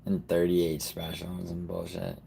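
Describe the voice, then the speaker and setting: A man's voice: deep voice, very animated, measured pace, gravelly, mellow, a little hiss or hum. A man hosting a livestream in a rambling, profane way, talking straight to his chat. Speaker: livestream host. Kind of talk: casual livestream chat with viewers.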